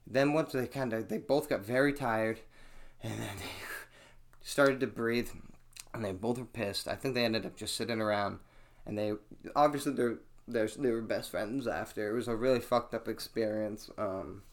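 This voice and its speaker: Casual solo storytelling from a podcaster: working from a cramped home room with the microphone resting on a chair covered by a towel, he rambles through profane tales littered with "like." He speaks in a lowish voice at a moderate pace.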